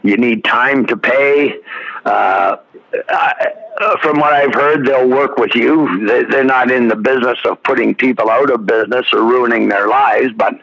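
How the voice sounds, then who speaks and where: A man's voice: mid-range voice, a little slow, vocal fry, a bit bright, lo-fi sound. A man from Ontario co-hosting a casual talk, giving earnest, folksy advice with frequent restarts. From Ontario, Canada. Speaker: podcast co-host.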